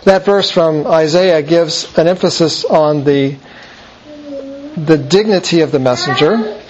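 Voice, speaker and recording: A man's voice: fairly high pitch, unhurried, background noise. A man giving an explanatory Bible study talk, stopping often to correct himself with small fillers. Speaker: Bible teacher. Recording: dull lo-fi sound with faint ambience.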